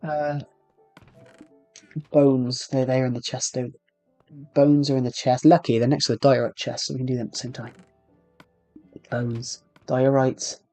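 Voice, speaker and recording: A man's voice: mid-range voice, flat delivery, unhurried, pauses often, mellow, no echo, faint music behind. Chatty British man streaming a game. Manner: rambling, chatty, talks to himself while playing. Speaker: livestreamer. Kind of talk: casual gameplay livestream chat.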